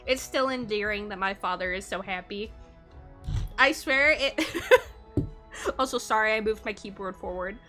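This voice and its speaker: A woman's voice: mid-range voice, measured pace, pauses often, sharp tone, faint music behind. A woman from Canada chatting casually on a livestream, bubbly and giggly, rambling and laughing often. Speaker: streamer.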